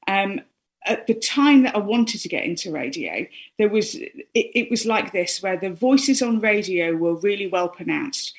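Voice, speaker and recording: A woman from northern England talks as a guest on a talk show, her northern accent softened and mostly lost. She speaks at a middle pitch in a loose, chatty way, full of ums and restarts. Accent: softened northern English, mostly lost. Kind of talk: casual chat on a talk show.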